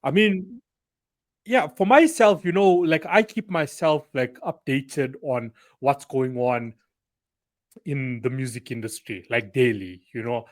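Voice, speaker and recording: A man hosting an interview in a loose, chatty way. He fills his sentences with "you know" and "like," and his pitch sits in a middle range. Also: a little slow. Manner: chatty, filler-heavy, with frequent "you know". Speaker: interview host. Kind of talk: casual interview talk.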